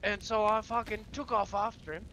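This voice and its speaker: A man's voice: sits high, fairly even intonation, normal speed, pushed and bright, a little hiss or hum, low-quality recording. A man with an Australian accent chatting over game voice chat, swearing and acting out the people in his stories. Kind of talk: casual voice chat while gaming.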